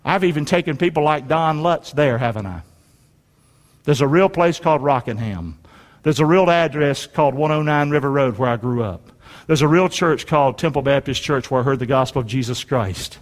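A man's voice: mid-range voice, normal speed. A man preaching a sermon, leading the congregation in call-and-response and reading scripture aloud. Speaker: pastor. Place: church sanctuary. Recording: long hall reverb.

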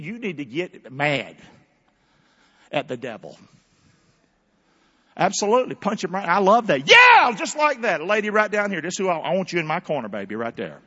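A man preaches a rousing sermon, his voice leaping widely in pitch as he swings from quiet confiding lines to shouted praise. The tone is bright and fairly high. He is heard in a long-reverb church hall, the sound a little dull. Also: very animated, normal speed, slightly rough. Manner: fiery call-and-response preaching, shifting from hushed to shouting. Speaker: pastor.

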